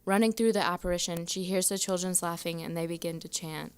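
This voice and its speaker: A woman slowly reading her own ghost story aloud in a steady voice. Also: lowish voice, smooth. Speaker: student reader.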